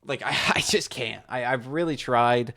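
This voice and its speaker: A man's voice: mid-range voice, normal speed, a bit bright. Rambling young man, casual vlog. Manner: rambling, hesitant, lots of fillers. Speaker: amateur impressionist.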